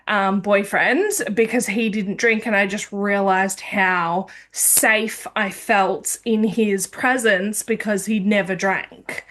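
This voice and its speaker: A woman's voice: mid-range voice, fairly bright tone. A woman hosting a podcast, telling a personal story in a candid, meandering way. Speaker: podcast host.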